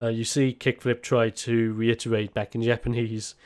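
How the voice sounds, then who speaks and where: A man's voice: mid-range voice, level tone, moderate pace, darkish tone. A man narrating as game master of a tabletop game, rambling with many fillers.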